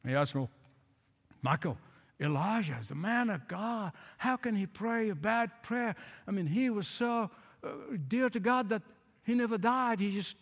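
A male pastor preaching a sermon, emphatic, repeating phrases and slowing to stress lines. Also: high-pitched, expressive. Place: church. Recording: hall reverb.

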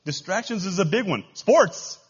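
Husky Texan pastor preaching. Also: male voice, sits high, lively intonation, normal speed, muffled recording. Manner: preaching with sudden loud rises and quiet drops. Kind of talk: sermon. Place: church.

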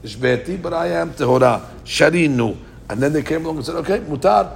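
Gravelly-voiced man teaching Talmud. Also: on the high side, a little fast. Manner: translates Aramaic phrase by phrase with frequent restarts. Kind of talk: Talmud study lesson.

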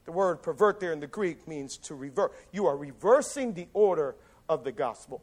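A male pastor preaching a casual, animated sermon and acting out quoted voices. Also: on the high side, normal speed.

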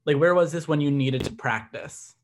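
A man's voice: on the high side, moderate pace, a little hiss or hum. A man co-hosting a podcast, chatting casually as he recaps a TV episode, with lots of "like" fillers. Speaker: podcast co-host.

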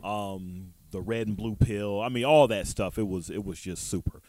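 A man co-hosting a casual podcast chat, speaking hesitantly with frequent pauses and restarts. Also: on the low side, a little mellow. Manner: hesitant, many ums and restarts. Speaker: podcast co-host.

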